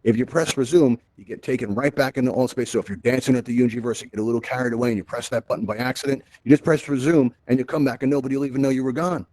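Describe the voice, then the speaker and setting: Fast-talking upbeat man hosting a lesson. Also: mid-range voice, fairly even intonation, darkish tone. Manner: upbeat, encouraging, playful asides. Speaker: VR event host and instructor. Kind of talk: live instructional walkthrough. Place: virtual reality event space.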